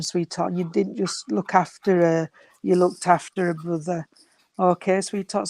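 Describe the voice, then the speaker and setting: A woman's voice: on the low side, darkish tone, dry recording. A woman giving spirit messages as a medium, affectionate and calling listeners sweetheart and darling. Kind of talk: giving spirit messages in an online healing service.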